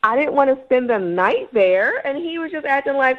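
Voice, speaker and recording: Woman, radio caller, indignant, animated storytelling, somewhat high voice, muffled lo-fi line. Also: normal speed. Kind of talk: heated radio call-in. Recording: lo-fi phone line.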